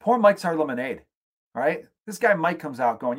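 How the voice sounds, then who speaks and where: Male podcast host from the US, solo rant, profane, animated, sarcastic. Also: on the high side, normal speed. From United States.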